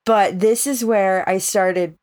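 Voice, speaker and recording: A woman co-hosting a podcast, chatting casually about a movie in an unhurried way, with short agreeing replies. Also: medium pitch, steady tone, a little mellow. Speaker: podcast co-host. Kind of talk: casual movie recap chat.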